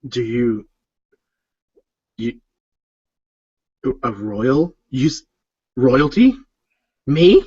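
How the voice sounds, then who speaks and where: A man's voice: mid-range voice, big pitch swings, very slow, pauses often, dark tone, breathy edge, dry recording, lo-fi sound, heavily acted. A man voicing a humble male tailor who stammers through his overwhelmed, tearful gratitude. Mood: astonished.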